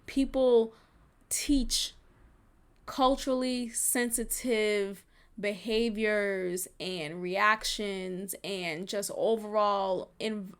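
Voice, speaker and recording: A woman hosting a podcast, giving impassioned and profane solo commentary that moves between tired, quiet stretches and angry outbursts. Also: mid-range voice, steady tone, very slow, smooth. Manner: fiery, profane, swings from weary to shouting. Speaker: podcast host.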